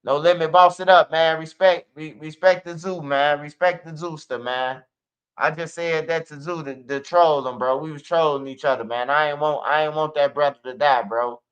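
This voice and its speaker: Heard through muffled lo-fi stream audio, a Chicago man rants casually on a livestream, cursing, rambling, laughing a lot and leaning on "bro" and "man." His fairly bright voice runs high with fairly even intonation and normal speed.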